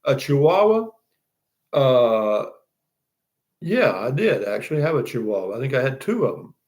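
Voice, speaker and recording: Very animated, with a medium, slightly mellow voice at a moderate pace, an older man from Texas runs a relaxed live stream. He reads out viewers' comments and rambles folksily in his Texan accent, frequently restarting and tossing in "you know what I mean."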